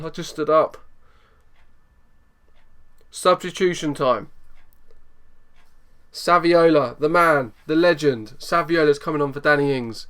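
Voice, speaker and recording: A man giving excitable live commentary over a football management game, swinging from low muttering to loud outbursts. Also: measured pace, long pauses. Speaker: gaming YouTuber.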